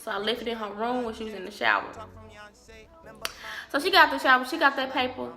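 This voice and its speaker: A young woman vlogger telling a casual storytime, animated and slangy, cursing freely. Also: fairly high pitch, a little fast, soft background music.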